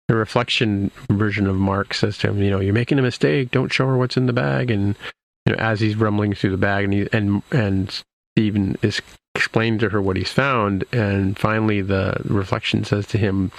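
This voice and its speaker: A man with a lowish, gravelly voice recaps a show's plot in a loose, rambling way. He keeps restarting his sentences and dropping fillers. The recording is dry and close, with no room sound. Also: no echo. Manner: rambling, many restarts and "you know" fillers. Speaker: podcast host. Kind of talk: casual episode recap.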